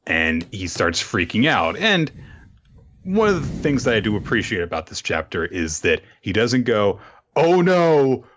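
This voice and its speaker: A podcast host with a low, deepish voice tells a story in an animated, casual way and swears freely. The sound is muffled, like a lo-fi recording. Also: male voice, moderate pace, husky. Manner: animated storytelling, profane asides. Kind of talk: casual recap of a manga chapter.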